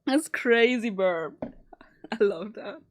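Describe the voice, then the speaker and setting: A woman's voice: mid-range voice, lively intonation, slow, dry recording, clean studio sound. A young woman with German as her first language, chatting casually and laughing often while she draws on a live stream. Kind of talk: casual chat while drawing.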